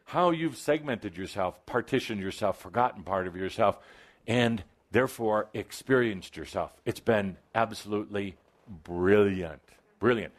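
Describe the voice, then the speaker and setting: A man's voice: on the low side, a little slow. A man channeling a spiritual teacher to a live audience, speaking with wry, playful asides and sudden emphatic bursts. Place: event hall with live audience.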